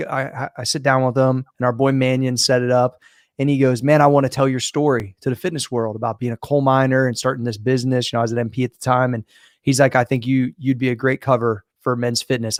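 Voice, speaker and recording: A man co-hosting a podcast, telling a story in a profane, animated, casual way. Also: medium pitch, no room sound, studio quality. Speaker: podcast co-host. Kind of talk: casual chat.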